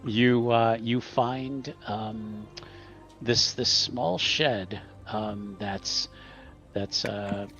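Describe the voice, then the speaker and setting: A man narrating a tabletop game as game master, pausing often with ums and restarts. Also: on the low side, a bit bright, faint music behind. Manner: hesitant, many ums and restarts.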